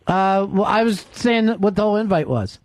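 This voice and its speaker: Brash, profane radio host, dry studio sound. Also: male voice, high voice, lively intonation, moderate pace, no echo. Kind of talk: casual talk radio banter. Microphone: studio microphone.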